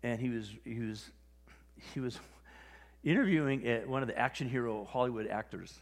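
Guy preaching a sermon, chatty and animated, middle pitch, acts out little quotes. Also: moderate pace, big-room sound. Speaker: pastor.

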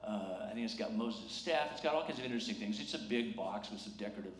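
A man's voice: on the low side, fast talker. A male pastor preaching a sermon in a conversational, humorous way, acting out the voices he quotes, recorded in a church. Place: church sanctuary. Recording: roomy church sound.

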